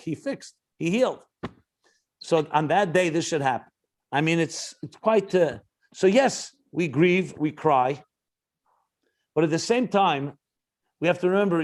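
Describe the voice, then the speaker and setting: A rabbi giving a spoken Torah class, his voice a little higher than most men's. He talks earnestly, weaves stories into the teaching, and often restarts his sentences as he thinks aloud. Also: darkish tone. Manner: earnest, storytelling, frequent restarts.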